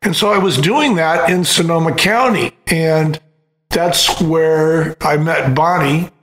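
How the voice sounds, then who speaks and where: A man recounting his career at an unhurried, steady pace, often pausing on an "uh" before going on. His voice sits a little above the usual male pitch. It carries a noticeable roomy echo. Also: slight background noise. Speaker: wine company co-founder, guest. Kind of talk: casual interview storytelling.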